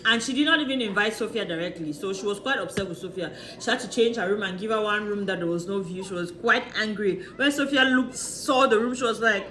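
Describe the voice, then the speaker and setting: A woman's voice: mid-range voice, fairly quick, hardly any pauses, a crowd in the background. A woman chatting through a casual, gossipy recap of a reality show, laughing often and asking rhetorical questions.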